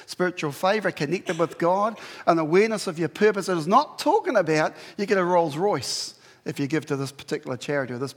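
High-voiced New preacher in a hall. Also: male voice. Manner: conversational, animated preaching with rhetorical questions. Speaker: pastor. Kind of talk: sermon. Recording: long hall reverb.

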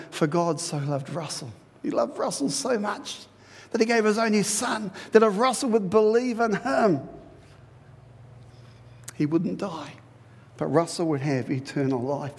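A man preaching a sermon in a lively, conversational way, repeating phrases for emphasis. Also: fairly high pitch, in a large hall. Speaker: pastor.

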